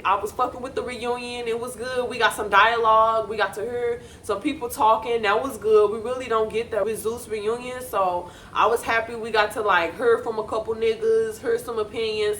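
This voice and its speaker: A young woman giving blunt, profane, animated commentary on a reality show. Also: a little high, slight background noise. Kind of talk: casual reaction commentary.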